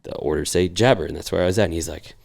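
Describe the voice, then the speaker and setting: A young man with a very low, gravelly voice tells his stories in a loose, casual way. He swears freely and jumps into animated impressions of the people he quotes. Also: very fast. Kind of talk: casual storytelling.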